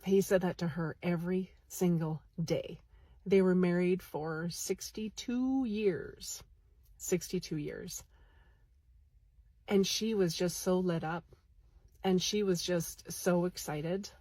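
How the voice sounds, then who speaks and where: A woman speaks in a casual vlog, telling a story with animated energy from a waiting room. Her voice is a little husky and breathy. The sound is close and dry, recorded on a phone held near her. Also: on the low side, slow, no echo. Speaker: psychic medium. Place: medical lab waiting room.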